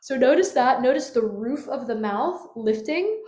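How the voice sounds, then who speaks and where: Brief: woman voice teacher, slightly high voice, demonstrative with yawns and sighs, webcam in a reverberant room. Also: animated, measured pace, a little mellow. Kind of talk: guided vocal lesson. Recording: echoey room.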